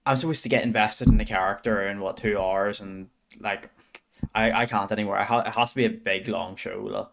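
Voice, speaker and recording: A man's voice: fairly low pitch, steady tone, fairly quick, creaky, background noise. A man in his twenties chatting casually and hesitantly on a reaction stream. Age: 20s. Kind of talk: casual chat.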